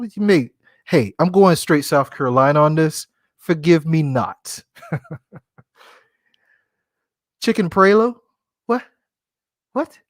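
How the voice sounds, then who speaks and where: A man talks through a casual solo podcast, joking and laughing at himself as he goes. His pitch swings widely from low to high, and the close mic sounds dry, with no room echo. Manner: playful, jokey, laughs at himself. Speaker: podcast host.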